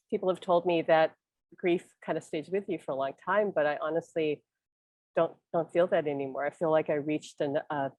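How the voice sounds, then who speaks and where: Earnest low-voiced woman host. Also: no echo. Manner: earnest, rambling with restarts and "like". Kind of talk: casual spiritual chat.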